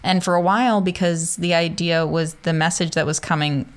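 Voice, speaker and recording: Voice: medium pitch, fairly even intonation, normal speed. A podcast host asking long, rambling questions in a casual interview, full of fillers.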